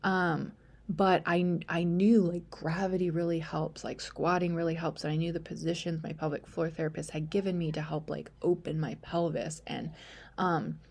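A woman's voice: low voice, little pitch movement, moderate pace, gravelly, a little mellow, husky. A young woman podcast host telling a personal story in a chatty way, full of fillers, sometimes dropping to a whisper.

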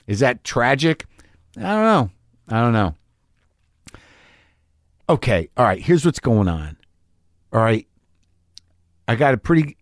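A man's voice: a little high, dry recording, clean studio sound. A man hosting a podcast, talking in a rambling, confessional, self-deprecating monologue that stammers and restarts when he gets worked up. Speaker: podcast host.

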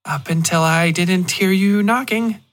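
A man's voice: high voice, a little slow, a bit bright, pitched above the performer's own voice. Ash, a man reading an eager young woman writer.

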